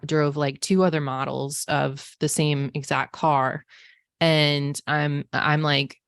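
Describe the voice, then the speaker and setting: A woman's voice: sits low, dry recording, studio quality. A woman in her forties, a podcast host, telling a personal story in a casual, chatty way full of "like" and "um". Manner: chatty, frequent "like" and "um" fillers. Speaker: podcast host, psychic medium.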